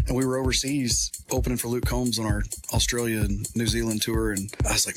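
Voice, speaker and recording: A man's voice: medium pitch, fairly quick, over music. A man telling a casual anecdote in a radio interview, acting out the dialogue as he goes. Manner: relaxed anecdotal, acts out dialogue. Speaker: musician guest.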